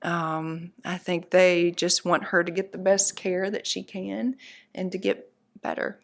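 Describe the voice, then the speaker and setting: A woman's voice: lowish voice, little pitch movement, a little slow, gravelly. Plainspoken mother telling her story. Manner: earnest, plainspoken, upbeat and practical. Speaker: guest, mother of a patient. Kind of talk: candid interview storytelling.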